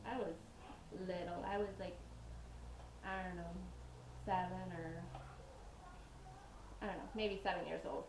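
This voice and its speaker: A woman's voice: fairly low pitch, fairly even intonation, a little slow, pauses often, noisy background. Chatty woman in an echoey kitchen. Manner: chatty, rambling, laughs while telling stories. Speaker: home cooking vlogger. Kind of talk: casual storytelling while baking. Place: home kitchen.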